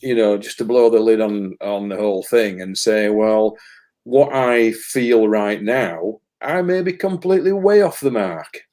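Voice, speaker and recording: A man's voice: lowish voice, unhurried, darkish tone. A man as a guest on a live talk, musing at length about spiritual experience with many restarts. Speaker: spiritual guest and energy reader. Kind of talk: casual live conversation.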